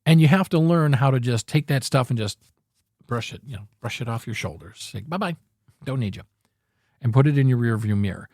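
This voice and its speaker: Earnest male podcast host, casual motivational talk, rambles and corrects himself, mid pitch, dead-dry room. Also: fairly quick, darkish tone, no echo.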